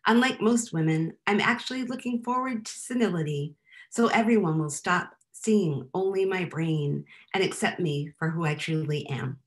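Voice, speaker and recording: A woman poet reads her own work aloud at a live reading. Her voice sits a little low, and her delivery is wry and deadpan. Between poems she drops into loose, chatty asides. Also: normal speed.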